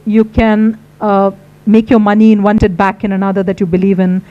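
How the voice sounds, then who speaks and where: A woman's voice: medium pitch, flat delivery, brisk, lo-fi sound. A middle-aged woman with an Indian English accent, a book editor giving a conversational, reflective public lecture with anecdotes.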